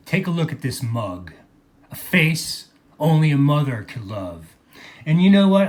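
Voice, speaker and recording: A man's voice: medium pitch, lively intonation, a little slow, a little mellow. A man delivering an angry, profane vlog monologue, mocking people and repeating phrases for emphasis. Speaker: video blogger.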